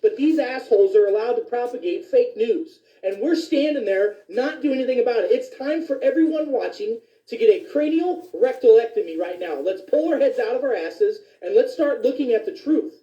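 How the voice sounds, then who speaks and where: A man's voice: very high voice, expressive, moderate pace, few pauses, warm tone. A man who is a physician, ranting indignantly with profanity in a commentary video. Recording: distant, echoey, dull lo-fi sound.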